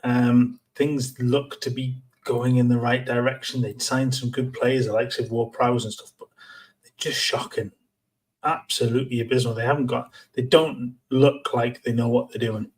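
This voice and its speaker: A man co-hosting a casual football podcast, giving blunt, measured opinions with frequent restarts. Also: medium pitch, level tone, rough recording. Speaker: podcast co-host.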